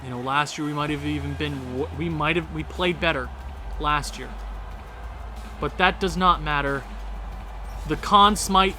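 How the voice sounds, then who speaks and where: A man with a high voice gives let's-play commentary in an unhurried way, flaring into frantic yells and then dropping to a hushed tone. Video game music plays clearly behind him. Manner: excitable, yelling at the game, swinging between frantic and hushed. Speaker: gaming video creator.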